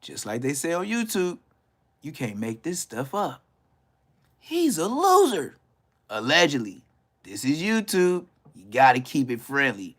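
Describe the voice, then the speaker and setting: Very animated at a moderate pace, a man in his fifties from Los Angeles mocks people on his YouTube live stream. He speaks loud street talk in an LA accent, laughing often and jumping into high-pitched bursts.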